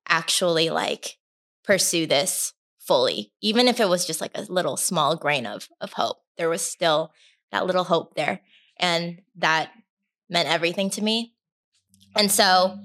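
A woman's voice: on the low side, a bit bright. A young woman telling a personal story on her solo podcast, candid and rambling, with many filler words. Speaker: podcast host.

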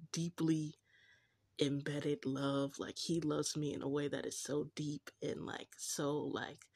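A woman's voice: sits low, a little mellow, slightly rough. A young woman vlogging in a casual, confessional way, gushing and giggly, with a slangy manner. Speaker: faith vlogger.

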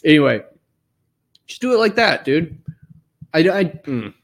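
With a fairly high, sing-song voice at a measured pace, this Dallas-area man co-hosts a podcast, keeping the chat casual. He's relaxed and profane and can't stop saying "dude."

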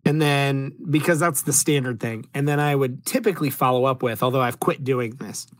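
Reflective American podcast host, dry mic. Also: male voice, mid-range voice, dry recording. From United States. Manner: reflective, measured, with filler ums. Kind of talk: casual podcast chat.

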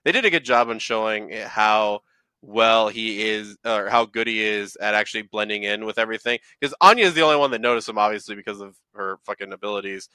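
A young man hosting a casual anime talk, excitable and profane, laughing often. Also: fairly low pitch, brisk, clean tone, dry recording. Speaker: podcast host.

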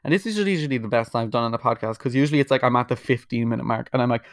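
A man's voice: medium pitch, racing, no echo, clean studio sound. A young man hosting his own podcast, rambling casually, swearing freely and putting himself down, with lots of "like" fillers. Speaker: podcast host. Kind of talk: casual solo podcast monologue.

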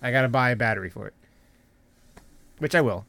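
A man's voice: medium pitch, a little fast, vocal fry, fairly bright tone, slight background noise. A man co-hosting a podcast, chatting casually with wry remarks. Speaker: podcast co-host. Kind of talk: casual chat.

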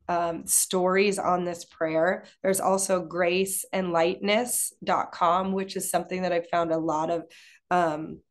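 A woman co-hosting a casual talk, speaking in a chatty way with many fillers and restarts. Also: fairly low pitch. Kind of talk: casual chat.

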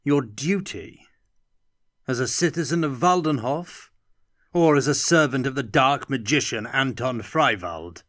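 A man's voice: lowish voice, measured pace, bright, forceful tone, dry recording, clean studio sound. A man doing a cold, commanding noble lord. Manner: curt, commanding, interrogating.

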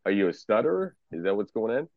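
A low-voiced man chatting on a video stream, relaxed and mocking, with swearing in nearly every sentence. The audio is dry and dull, like cheap webcam sound. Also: quick pace, no room sound. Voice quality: heavy swearing, laid-back, teasing. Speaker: streamer and tarot card reader. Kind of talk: casual video chat banter.

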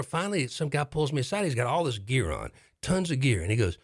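Animated middle-aged man spinning a tale. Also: medium pitch, quick pace, hardly any pauses, husky. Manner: animated, dramatic retelling with repeated phrases. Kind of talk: casual storytelling on a talk show.

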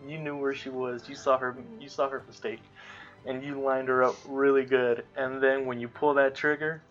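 A man's voice: mid-range voice, level tone, moderate pace, a bit bright, highs cut off, soft background music. A man narrating as game master of a tabletop role-playing game, improvising loosely and swearing casually.

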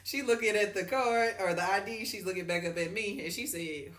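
Laughing woman telling a story, bright voice. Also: medium pitch, fairly quick, echoey room. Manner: animated, laughs often, slangy. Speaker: podcast co-host. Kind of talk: casual storytelling chat.

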